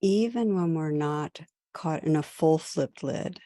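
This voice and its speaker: A woman meditation teacher and podcast host giving a recorded talk in gentle, measured short phrases with pauses. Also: deep voice, dry recording, clean studio sound.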